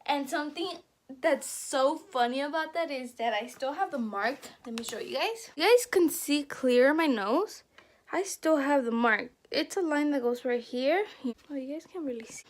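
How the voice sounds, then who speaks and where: A woman's voice: high-pitched, lively intonation, moderate pace. A young woman casually telling stories to camera while eating, chatty and laughing along as she talks. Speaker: vlogger.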